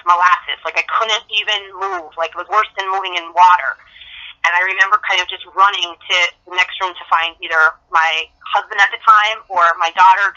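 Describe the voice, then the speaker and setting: A woman's voice: mid-range voice, pushed and bright. A middle-aged woman guest telling stories chattily over the phone, acting out the dialogue she quotes. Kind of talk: casual phone interview storytelling. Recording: dull phone-line audio.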